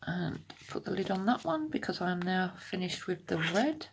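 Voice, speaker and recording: A woman's voice: lowish voice, animated, normal speed, creaky, slight background noise. A woman giving a casual step-by-step nail tutorial from her home desk, chatty and explanatory, sometimes dropping into half-whispers. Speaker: nail art vlogger.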